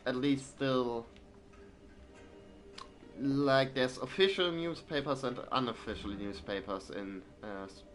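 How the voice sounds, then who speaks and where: A man at a middle pitch reads wartime newspaper clippings from a game aloud in a plain, even voice. Between passages he drifts into halting asides full of fillers, and a faint hum sits under the voice. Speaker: streamer playing a video game. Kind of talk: let's play, reading game text aloud.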